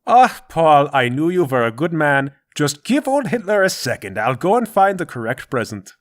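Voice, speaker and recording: A man's voice: on the high side, sing-song, normal speed. A man playing his character in a comedic tabletop game, with a pushy and smug way of talking. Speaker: player.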